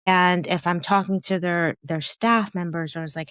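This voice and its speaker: A woman in her fifties, a guest in a candid interview, telling her story in an animated way and acting out her own past thoughts with laughter. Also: fairly low pitch, moderate pace, hardly any pauses, no room sound, studio quality. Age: 50s. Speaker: podcast guest, business founder.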